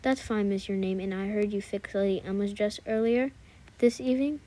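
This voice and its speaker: A gracious royal queen with a kind, mellow voice, as a woman reads her aloud. Her speech is gentle and polite, lifting a little higher than the narration. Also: fairly even intonation, a little fast, natural voice.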